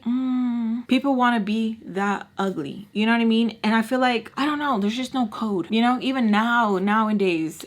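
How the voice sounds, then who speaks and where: A young woman sits down to tell her viewers a storytime, talking casually and heatedly. She swears freely, pads every thought with "like" and "you know," and her voice leaps upward whenever she quotes someone in disbelief. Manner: animated, indignant, quotes people with sudden pitch jumps; blunt and profane, lots of fillers like "like" and "you know". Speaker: vlogger telling a story.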